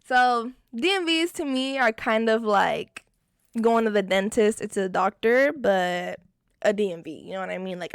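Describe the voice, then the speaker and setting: A young woman vlogger telling a storytime in casual, expressive chat, often swearing. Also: on the high side, dry recording, clean studio sound. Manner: animated, expressive and profane.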